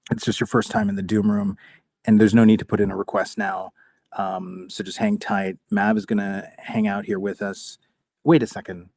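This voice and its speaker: A man's voice: on the low side, gravelly, a little mellow, dry recording, studio quality. A man hosting a live online talk space, chatty and joking, often restarting his sentences. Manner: chatty, joking, repeats words as he starts. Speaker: host.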